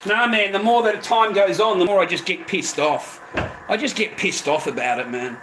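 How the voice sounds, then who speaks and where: A man's voice: sits high, moderate pace, background noise. A middle-aged man ranting angrily on a live stream, swearing and saying "mate" at the end of nearly every line. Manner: swearing, repeats "mate" constantly. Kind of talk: angry live-stream rant.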